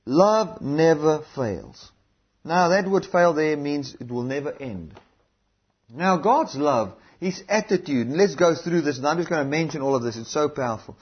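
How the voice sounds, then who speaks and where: Man, preacher, sermon, husky, fairly high pitch, muffled lo-fi recording. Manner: earnest, repetitive, with interjected hallelujahs.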